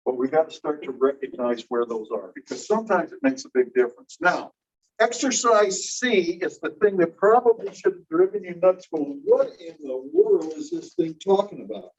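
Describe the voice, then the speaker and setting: Husky middle-aged man lecturing from afar. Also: on the high side, sing-song, normal speed. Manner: casual explaining, repeats words to demonstrate sounds. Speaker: phonetics instructor. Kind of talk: classroom lecture. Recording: distant dull lo-fi classroom recording.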